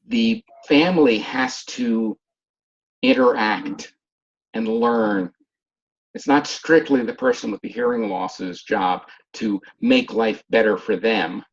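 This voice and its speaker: A man's voice: fairly low pitch, takes it slowly. A man who works with hearing-aid patients gives an informal lecture and acts out patients and their families as he talks. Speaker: hearing specialist teaching a class. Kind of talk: informal lecture with acted examples. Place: online video session. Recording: dull muffled video-call audio.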